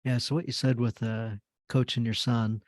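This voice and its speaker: A man's voice: mid-range voice, flat delivery, moderate pace, darkish tone, dry recording. Conversational male podcast host, dry sound. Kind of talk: casual conversation.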